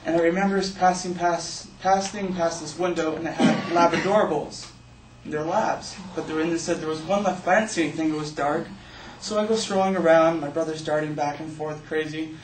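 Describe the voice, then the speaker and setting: A man's voice: fairly high pitch, fairly even intonation, brisk. A young man telling a personal story as a speech to an audience, in a loose, casual way full of "like" and "you know". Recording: echoey room, distant mic, faint hiss.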